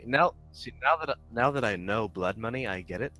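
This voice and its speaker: A man's voice: medium pitch, lively intonation, fairly quick, pushed and bright. A man from the United States chatting casually on a stream in a laid-back, joking way. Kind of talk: casual chat.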